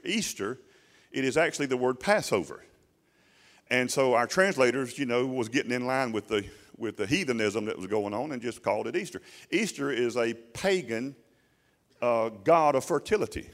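A middle-aged man with a drawl delivers a sermon. He talks in a plain, folksy way and keeps putting questions to his congregation. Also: mid-range voice. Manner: colloquial preaching, asking the congregation questions. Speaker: pastor.

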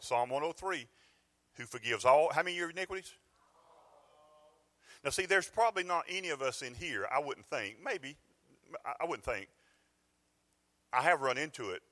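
Folksy preacher, bright tone. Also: male voice, mid-range voice. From Georgia, US. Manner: folksy, conversational preaching with bursts of emphasis. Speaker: pastor. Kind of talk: sermon. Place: church sanctuary.

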